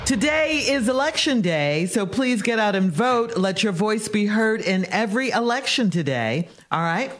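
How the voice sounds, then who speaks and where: A woman's voice: mid-range voice, animated, moderate pace, hardly any pauses. A woman co-hosting a morning radio show, reading a listener's advice letter on air. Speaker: radio co-host.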